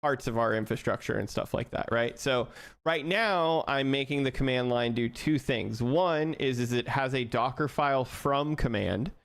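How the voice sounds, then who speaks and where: Coding on a live stream, a young man chats casually with viewers at a moderate pace, his voice smooth and medium in pitch. He laughs a lot and thinks aloud, often starting over mid-thought.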